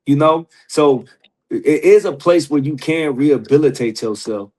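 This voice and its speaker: A man's voice: fairly high pitch, a little slow, darkish tone. A man who is a podcast guest, telling stories in casual slang, laughing often and acting out the people he quotes. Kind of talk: casual storytelling.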